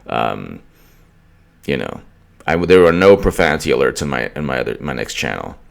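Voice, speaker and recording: A man's voice: very deep voice, sing-song, normal speed, vocal fry. A man giving opinionated political commentary in a ranting, mocking way, with many restarts.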